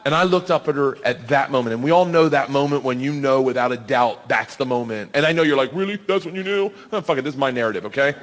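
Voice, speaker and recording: A man in his thirties telling a wild story in stand-up comedy, loud and animated, yelling the big moments and laughing through his lines. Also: medium pitch, fast, few pauses. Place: comedy club stage before a laughing audience. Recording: live hall reverb, faint ambience.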